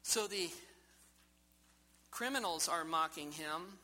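A man's voice: on the high side, slow, bright, forceful tone, rough recording. A man preaching a sermon in a church service, emphatic and full of rhetorical questions to the congregation. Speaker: pastor.

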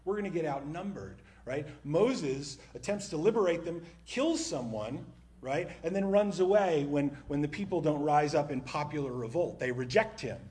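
A man with a slightly higher voice gives a sermon from a church stage. He preaches in an animated, conversational way and often sinks to a near-hush. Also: moderate pace. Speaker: pastor.

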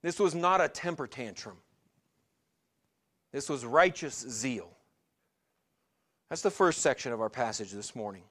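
A middle-aged male pastor giving a sermon in a conversational way, asking the congregation questions and slowing down to stress key lines. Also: medium pitch, expressive, fairly bright tone. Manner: conversational preaching with rhetorical questions and slowed emphatic lines.

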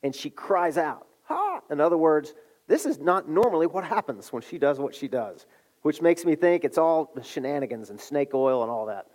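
Animated preaching man, slightly high voice. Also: normal speed. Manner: animated storytelling, acts out voices in retelling. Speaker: pastor. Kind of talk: sermon.

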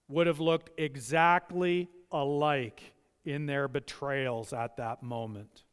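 A man with a high, smooth, resonant voice preaches a sermon in a church. He delivers it with passion and often slips into the voices of the people he quotes. A long hall reverb trails behind every phrase. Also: a little slow. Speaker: pastor.

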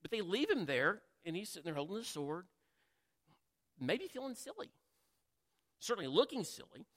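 A man's voice: high-pitched, very animated, normal speed, fairly bright tone. A man preaching a sermon in a conversational way, asking the listeners questions and acting out the quotes. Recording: long reverb of a large hall.

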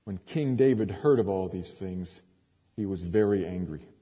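A man preaching, reading scripture aloud in a measured, emphatic way with sudden rises. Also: low-pitched, mellow, husky. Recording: long hall reverb.

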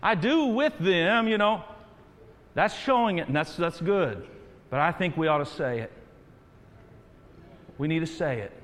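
A man preaching a sermon to a congregation, rising to loud exhortation. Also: a little high, lively intonation, unhurried, long pauses. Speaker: pastor. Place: large church sanctuary. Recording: reverberant church hall.

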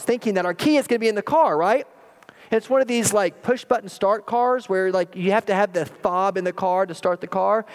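Animated, fairly high-voiced male pastor. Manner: animated storytelling, wry and self-deprecating; slow, deliberate scripture reading. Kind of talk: sermon with a personal story.

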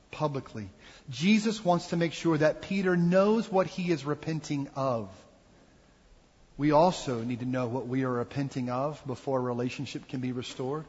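Pastor, male, reflective sermon delivery, raised pitch; muffled recording with a long church echo. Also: breathy edge. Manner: earnest, reflective preaching with acted quotes. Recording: dull sound with long hall reverb.

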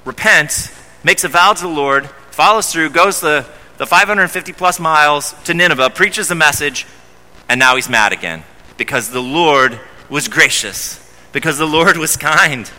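A man's voice: on the high side, moderate pace, pushed and bright. A man preaching a sermon as pastor, emphatic and often repeating words as he starts phrases. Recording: long hall reverb.

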